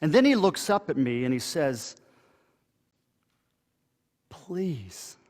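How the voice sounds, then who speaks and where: A somewhat high-voiced man speaks as a pastor in a church sanctuary, giving a dramatic first-person monologue. His delivery is conversational, full of halting pauses and restarts. His voice rings through a hall with a long, trailing reverb. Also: big pitch swings, a little mellow.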